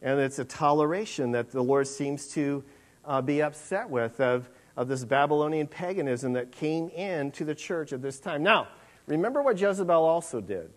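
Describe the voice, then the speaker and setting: A man's voice: a little high, animated, moderate pace. A man preaching a sermon in a conversational, rambling way, with many fillers and restarts.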